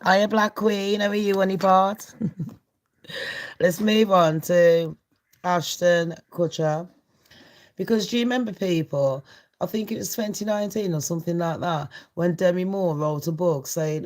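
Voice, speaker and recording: A woman's voice: on the low side, unhurried, darkish tone. A woman hosting a celebrity gossip channel, chatting casually in a brash, sweary way and laughing often.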